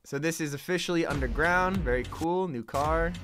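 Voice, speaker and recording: A man doing live, excitable reaction commentary as a gaming streamer, chatting with his viewers. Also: a little high, moderate pace, over music. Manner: excitable, chatty, addresses chat.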